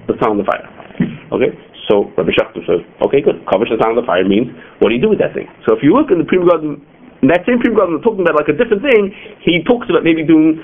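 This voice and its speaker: A man teaching a class on religious law, explaining quickly with frequent "okay" and "you know" asides. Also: mid-range voice. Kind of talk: classroom lecture. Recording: tinny phone-like lo-fi recording.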